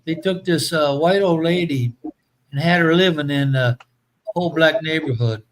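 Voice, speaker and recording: A man's voice: fairly high pitch, normal speed, a little hiss or hum, rough recording. A man hosting a casual show, rambling through profane anecdotes full of fillers.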